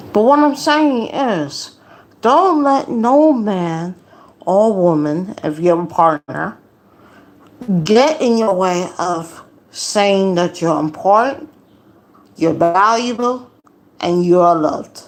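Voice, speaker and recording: A woman losing her voice, livestreaming a casual personal talk in a slow, confiding way with preachy asides. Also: medium pitch, animated. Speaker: livestream host.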